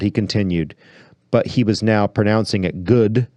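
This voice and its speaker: Low-voiced man reading a book aloud. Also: a little fast, dark tone, no room sound. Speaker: podcast host.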